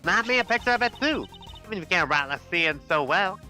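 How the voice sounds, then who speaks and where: A chatty Southern woman drawls her folksy lines, as a man puts her on. Her voice rides high and swings around a lot, bright in tone. Faint music plays behind her. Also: expressive, fast talker, full character voice. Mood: chipper. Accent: American Southern (put on).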